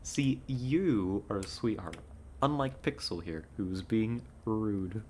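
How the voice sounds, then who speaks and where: A woman's voice: extremely low pitch, expressive, slow, darkish tone, a little hiss or hum. A woman from California streaming a game, chatting with viewers in a laid-back, giggly way on a headset mic. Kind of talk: casual live-stream chat.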